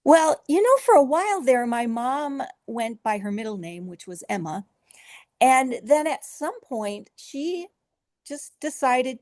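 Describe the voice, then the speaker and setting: Earnest middle-aged woman author, a touch of fry, recorded dry, talking openly in an interview. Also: a little high, expressive, unhurried, no room sound. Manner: earnest, emotional, with soft laughs and filler restarts. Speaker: author guest. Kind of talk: conversational interview storytelling.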